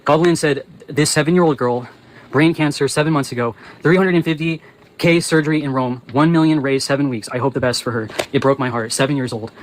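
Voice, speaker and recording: A man hosting his channel, ranting angrily with heavy swearing and breaking into yells, talking to viewers as he walks. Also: medium pitch, steady tone, fairly quick, slight background noise, rough recording. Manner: angry, profane, yelling at times; talks while walking. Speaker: channel host. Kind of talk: ranting livestream monologue.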